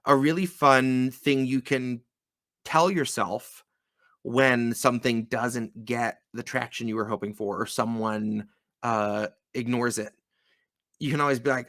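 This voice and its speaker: A man's voice: medium pitch, fairly even intonation, a little slow, fairly bright tone, dry recording, clean studio sound. A man co-hosting a live stream, chatting casually about his music, joking and laughing often. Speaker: co-host and musician.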